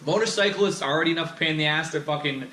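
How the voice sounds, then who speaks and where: A young male vlogger rants in a casual monologue, swearing constantly and sounding heated and exasperated, filmed on an action camera. His voice is on the high side, very fast, bright, and forceful, recorded in an echoey room with faint background noise.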